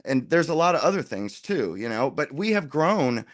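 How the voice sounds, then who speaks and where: Man, casual political debate, argumentative, slangy, middle-pitched voice, dry close sound. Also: very animated, moderate pace, no room sound. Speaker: roundtable guest.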